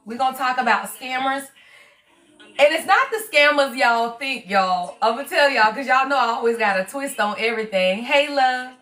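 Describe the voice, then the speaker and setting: A woman, hosting a casual live stream as a tarot reader, her voice strained and hoarse, chatty and playful with her viewers. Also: high voice, bright, forceful tone, poor audio.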